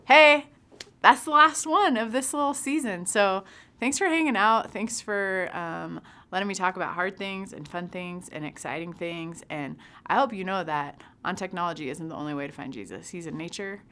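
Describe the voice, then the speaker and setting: A woman with a somewhat low voice gives a casual devotional talk to viewers. She tells stories with animation, acting out her own past reactions. Her delivery is conversational and unscripted. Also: moderate pace, a bit bright. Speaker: youth ministry speaker.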